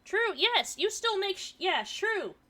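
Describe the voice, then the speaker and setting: A woman streamer reads a forum story aloud and chats about it, swearing casually, her throat a bit irritated from pollen. Her very high voice is very animated, pushed and bright, yet unhurried.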